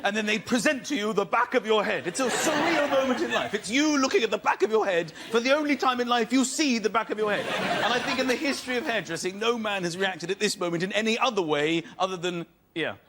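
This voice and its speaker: A man's voice: high voice, animated, quick pace, over a noisy crowd. A man comedian doing observational stand-up with a musing delivery. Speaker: comedian panelist. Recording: loud audience and heavy noise.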